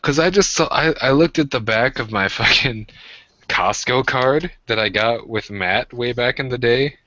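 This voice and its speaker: A man's voice: medium pitch, a little slow, sharp tone, no echo, muffled recording. A young man co-hosting a podcast in casual rambling chat, profane and self-mocking as he tells jokey stories. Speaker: podcast co-host.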